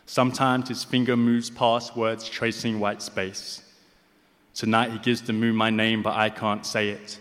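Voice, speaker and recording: A deaf man performing spoken word poetry on stage, with slightly slurred speech, moving between rhythmic recitation and soft, hesitant asides to the audience. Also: lowish voice, level tone, unhurried. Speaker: poet performing. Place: large hall on stage. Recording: live hall reverb.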